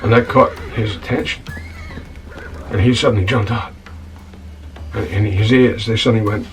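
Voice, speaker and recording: An actor playing a self-righteous scoundrel tavern keeper in a comedy web series, telling an indignant, stammering monologue and calling the listener son. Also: male voice, fairly low pitch, fairly even intonation, normal speed, recorded from a distance, close to an everyday voice, low-quality recording. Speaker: title character of a comedy-drama web series. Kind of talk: comic monologue. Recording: voice a bit off-mic, with music behind.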